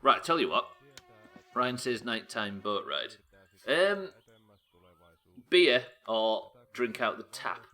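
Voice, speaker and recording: A man's voice: medium pitch, animated, slow pace, pauses often, pushed and bright. A man chatting casually while playing a game on a live stream, swearing and joking as he plans each move. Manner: sweary, joking, thinking aloud. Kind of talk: casual gameplay commentary.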